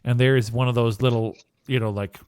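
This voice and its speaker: A man co-hosting a casual podcast, telling a story with lively asides and frequent "okay?" check-ins. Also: medium pitch, fairly quick, smooth, dry recording. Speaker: podcast co-host.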